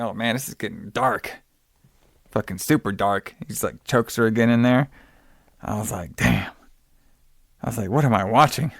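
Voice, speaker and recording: A man's voice: medium pitch, no echo, clean studio sound. A man hosting a podcast, recapping a film in a casual, rambling way, full of swearing and wrestling-fan slang. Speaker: podcast host.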